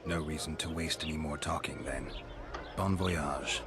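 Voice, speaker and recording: A man voicing a gruff, grim male monster hunter in a video game, with a gravelly, curt and unimpressed delivery. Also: a bass voice, a little slow, heavy background noise. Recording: game audio over loud music.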